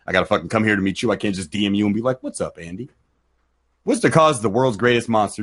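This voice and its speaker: Man, rapid speech, profane, confrontational, live stream banter. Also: fairly low pitch, animated, a bit bright. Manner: profane, confrontational call-outs. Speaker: guest panelist.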